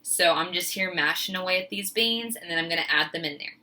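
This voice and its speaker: A woman cooking in her home kitchen and talking the viewer through it in a casual, chatty way. Her voice is sharp and bright and sits a little low. She sounds a bit flustered and laughs at herself as she goes. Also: a little fast, slight background noise. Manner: chatty, self-deprecating, flustered. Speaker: teacher filming a cooking video.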